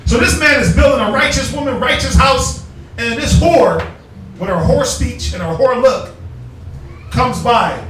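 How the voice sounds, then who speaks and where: A man preaching on the street in a high, forceful voice, almost shouting. He is echoey and far from the mic, with faint noise behind him. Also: a little slow, faint music behind. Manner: loud, forceful, calls for verses and mocks in put-on voices. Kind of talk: street sermon with scripture reading. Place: outdoors on a street.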